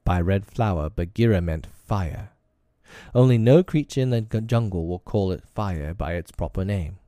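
Man narrating a storybook, measured, expressive, low pitch, dark tone, dry sound. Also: no echo.

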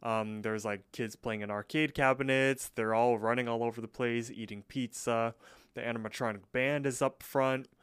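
A man with a smooth, resonant voice recaps a cartoon episode in loose, chatty fashion. He leans on fillers and restarts and now and then pops into quick character voices. His sound is close and dry. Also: medium pitch, steady tone, a bit bright, no echo. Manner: loose, filler-heavy retelling with quick voice impressions. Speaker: podcast co-host.

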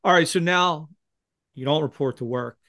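A man's voice: on the high side, normal speed, no echo, clean studio sound. A male podcast host who speaks empathetically and murmurs agreement while his guest talks. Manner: empathetic, frequent soft backchannel murmurs. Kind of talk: conversational interview.

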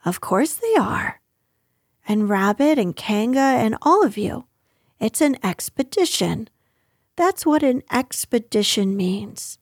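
Lady doing a little boy voice, higher, confident and kinda bossy, storybook read aloud. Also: big pitch swings, takes it slowly, no room sound, studio quality, heavily acted. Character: young boy, cheerful and a bit bossy.

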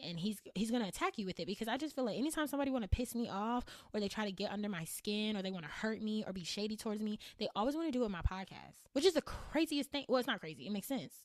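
A woman's voice: mid-range voice, mellow, dry recording, studio quality. A woman hosting her own podcast in a candid solo monologue, blunt and emphatic, repeating phrases for punch and swearing casually. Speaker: podcast host.

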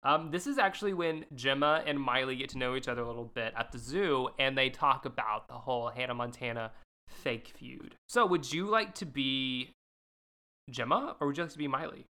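A woman co-hosting a casual podcast, giggly and animated as she leads the chat. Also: rumbling low, normal speed. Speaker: podcast co-host.

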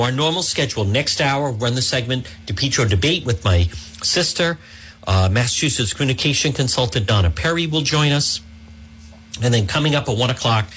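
A man's voice: medium pitch, fairly bright tone. A middle-aged man hosting a radio talk show, rambling casually with many fillers and repeated phrases. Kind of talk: casual talk radio monologue with live reads. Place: radio studio.

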